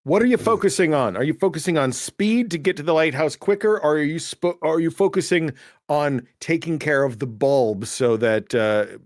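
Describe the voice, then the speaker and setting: A man's voice: fairly high pitch, moderate pace, darkish tone, dry recording, studio quality. A man narrating a tabletop game as game master, loose and joking after a few drinks.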